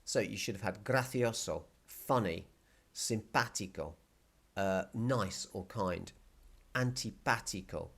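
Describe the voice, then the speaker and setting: Patient, low-voiced male teacher. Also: creaky, fairly bright tone, husky. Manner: patient and explanatory, repeats key words slowly. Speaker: Spanish teacher. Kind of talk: recorded video lesson.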